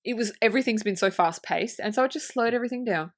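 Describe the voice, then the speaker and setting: A woman co-hosting a casual movie podcast, retelling scenes with lively acted-out lines, laughter and swearing. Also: a little high, fast. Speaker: podcast co-host. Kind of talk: casual film review chat.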